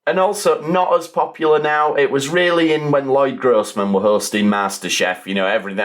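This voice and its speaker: A man's voice: medium pitch, fairly even intonation, a little fast, few pauses. Chatty man on a podcast. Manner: chatty, rambling, dry asides. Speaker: podcast roundtable host. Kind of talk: casual podcast chat.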